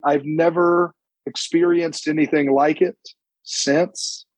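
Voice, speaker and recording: A man's voice: on the high side, no room sound, rough recording. A young man, a stand-up comedian telling stories in casual chat and acting out what people said. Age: young adult. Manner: animated, acts out quotes with quick bursts.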